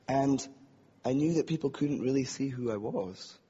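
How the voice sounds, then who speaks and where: A man's voice: mid-range voice, normal speed, mellow, slightly rough. A man preaching from a podium, giving an earnest and reflective personal testimony and acting out the inner voices in his story. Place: hall with podium. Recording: long hall reverb, dull lo-fi.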